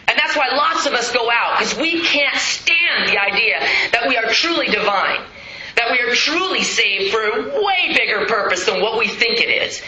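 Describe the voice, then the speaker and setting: A middle-aged woman giving a raw, blunt personal testimony at a recovery meeting, swearing freely and swinging between loud bursts and hushed lines. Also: a little high, lively intonation, moderate pace, echoey room, dull audio, noisy background. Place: meeting hall.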